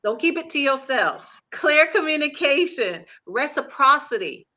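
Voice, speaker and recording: Woman co-host, bright tone, animated, tells anecdotes, high-ish voice. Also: measured pace. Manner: animated, tells anecdotes and builds on others' points. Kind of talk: casual talk-show conversation.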